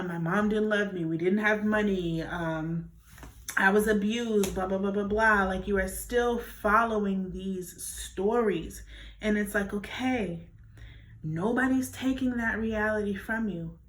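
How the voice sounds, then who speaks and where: A young woman giving a pick-a-card tarot reading, earnest and encouraging, talking fast with many restarts. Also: medium pitch, slight background noise. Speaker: tarot reader.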